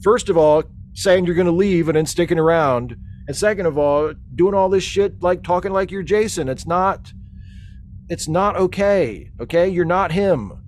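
A man's voice: sits high, moderate pace, a little hiss or hum, close to an everyday voice. A man playing a grieving, frustrated young man who rambles with many fillers in a comedic audio drama.

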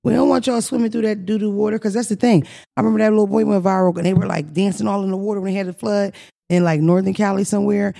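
A woman from Philadelphia with a Philly accent, hosting a podcast in brash, profane, animated casual chat. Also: mid-range voice, fast, vocal fry, no room sound, clean studio sound. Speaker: podcast host.

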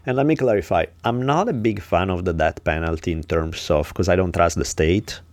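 A man's voice: sits low, fairly quick, a little mellow, no echo. A man hosting a podcast, telling a story in a blunt, casual, profane way. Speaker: podcast host. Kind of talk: casual chat.

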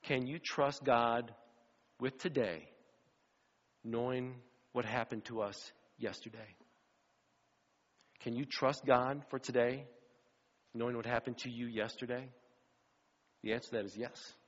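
Animated pastor preaching in a reverberant church. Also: male voice, medium pitch, measured pace, pauses often. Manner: animated storytelling, acts out quoted voices. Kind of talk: sermon. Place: church sanctuary. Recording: dull sound with long hall reverb.

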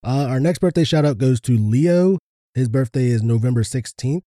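A man co-hosting a podcast, reading birthday shout-outs in a plain, understated way. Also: mid-range voice, lively intonation, moderate pace, no room sound, clean studio sound. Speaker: podcast co-host.

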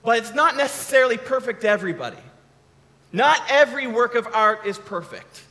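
A man's voice: extremely high pitch, animated, fairly quick, pushed and bright. A man giving a casual, conversational sermon, often restarting his sentences. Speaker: preacher. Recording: long hall reverb.

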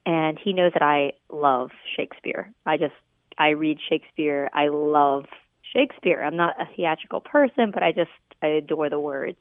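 A woman calls in to a radio show and tells her story in a warm, gushing way, pausing and restarting now and then. Her voice is fairly low for a woman, and it comes through a tinny phone line with a dry sound. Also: no room sound. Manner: warm, gushing, bit halting. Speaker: caller. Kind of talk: telling a story on a phone call.

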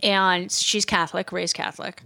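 A woman with a bright, forceful voice tells stories in casual chat. She is blunt and emphatic and pauses on fillers as she goes. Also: on the low side, level tone, vocal fry.

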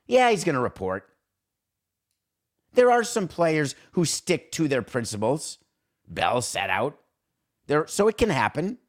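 Emphatic man hosting a sports podcast. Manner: emphatic, acts out quoted exchanges with pitch swings. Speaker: podcast host. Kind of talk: opinionated sports talk monologue.

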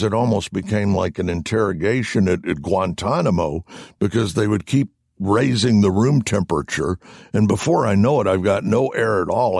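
A man, a voice actor guest on an interview show, telling stories in an animated, self-deprecating way and laughing along as he goes. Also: fairly low pitch, vocal fry, breathy edge, dry recording, studio quality. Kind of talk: anecdotal storytelling in conversation.

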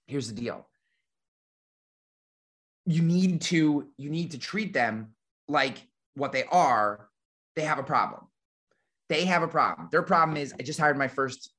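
A man's voice: mid-range voice, a bit bright. A man who runs an insurance agency and hosts a podcast, teaching on a live webinar in a casual, blunt way with lots of fillers and the odd swear word. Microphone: remote webinar call.

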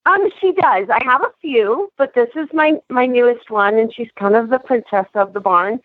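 A friendly woman from New Jersey calls in to a radio show and chats warmly. Her voice sits a little high. The call comes through a thin, phone-like line with a dry sound. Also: normal speed, dry recording. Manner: friendly, chatty. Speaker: caller, riding instructor. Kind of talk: call-in conversation.

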